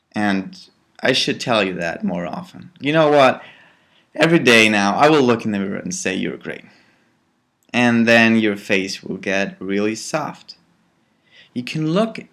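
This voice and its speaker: A man hosting a casual spiritual talk, animated, swinging from loud bursts to soft near-whispers. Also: medium pitch.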